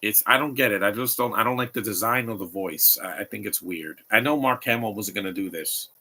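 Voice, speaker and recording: A man's voice: lowish voice, a little fast, sharp tone, slightly rough. A man giving live watch-along commentary on a movie, opinionated and rambling, often restarting his sentences.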